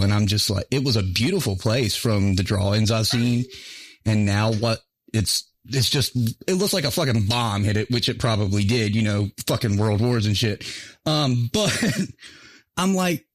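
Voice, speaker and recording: A man's voice: on the low side, no echo. A man chatting casually on a podcast, telling stories with a lot of laughter and swearing. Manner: laughs often, profane, animated storytelling. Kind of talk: casual chat.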